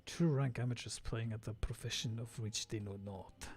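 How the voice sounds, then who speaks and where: A man's voice: normal speed, darkish tone, lightly acted. A man doing a smug Spanish-accented inspector. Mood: sneering. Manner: sneering, low and drawn. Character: smug rival inspector, cold and sneering.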